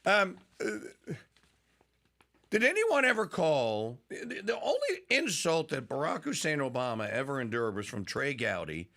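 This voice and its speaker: Man, radio talk host, gravelly, bright, slow, lively pitch, rambling and laughing. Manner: rambling, laughing, doing mock voices.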